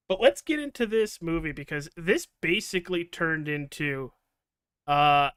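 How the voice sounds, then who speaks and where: A man's voice: fairly high pitch, pushed and bright, clean tone, no room sound, clean studio sound. A man hosting a casual podcast, joking around, with loose fillers and the odd swear. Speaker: podcast host. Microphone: podcast mic over video call.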